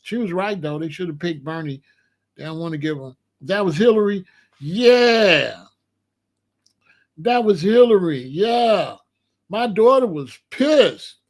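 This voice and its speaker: A man in his sixties giving a rambling comedic monologue as host, telling stories with animated disbelief and laughter. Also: high voice, slow. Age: 60s. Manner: animated, incredulous storytelling with laughs.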